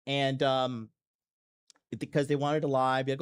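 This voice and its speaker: A man's voice: mid-range voice, level tone, unhurried, clean tone. A man hosting a podcast in a blunt, profane, rambling monologue full of fillers and restarts. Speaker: podcast host. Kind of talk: casual monologue.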